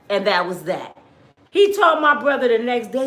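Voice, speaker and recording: A woman from Michigan who hosts a livestream and tells her own stories to viewers in a blunt, animated, outspoken way. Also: sits high, moderate pace, echoey room. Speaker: livestream host. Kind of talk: casual storytelling to viewers.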